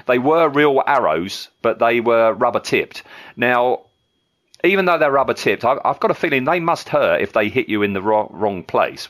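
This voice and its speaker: A man hosting a casual film podcast, chatty and relaxed, with frequent ums and chuckles. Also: medium pitch. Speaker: podcast host.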